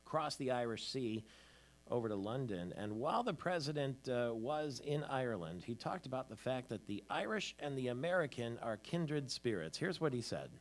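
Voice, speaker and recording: A man's voice: mid-range voice, sing-song, moderate pace. A man hosting a morning show, chatting casually about the news with frequent fillers. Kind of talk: casual chat and news talk.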